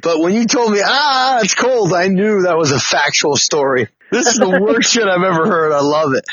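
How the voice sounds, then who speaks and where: Teasing host guy, high husky voice, kinda lo-fi and dry. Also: fairly quick, a bit bright, no room sound. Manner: teasing, wisecracking. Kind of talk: joking interview questions. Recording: dry, dull lo-fi sound.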